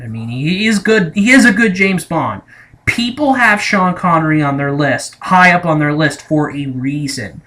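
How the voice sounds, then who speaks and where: A man's voice: fairly high pitch, sharp tone. A young man talking casually as a movie reviewer, rambling and hesitant, often correcting himself mid-sentence. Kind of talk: casual spoken movie ranking.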